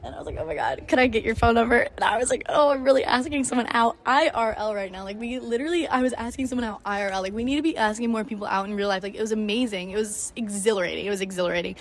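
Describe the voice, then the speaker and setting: A woman's voice: fairly high pitch, rapid-fire, hardly any pauses. A nineteen-year-old woman hosting her own podcast, telling a story in a chatty way with lots of "like" and acted-out quotes. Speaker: podcast host. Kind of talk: casual storytelling monologue.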